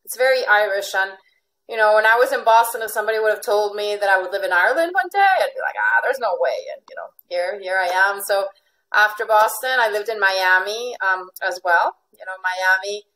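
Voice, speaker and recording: A woman's voice: mid-range voice, brisk, pushed and bright, low-quality recording. A middle-aged woman with an American accent, a life coach being interviewed, chatting casually, laughing often and repeating her phrases. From Finland and Venezuela. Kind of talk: casual interview over video call.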